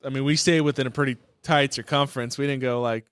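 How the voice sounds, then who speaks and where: A man's voice: mid-range voice, steady tone, fast talker, a bit bright, clean tone, dry recording. A man in his twenties co-hosting a podcast, answering briefly in a laid-back way. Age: 20s. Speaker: podcast co-host. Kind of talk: casual podcast chat.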